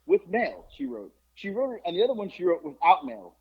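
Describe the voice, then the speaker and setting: A husky-voiced podcast co-host tells a casual story a little fast, animated and swearing, acting out quotes from people in a lowered voice. The podcast audio is muffled and lo-fi.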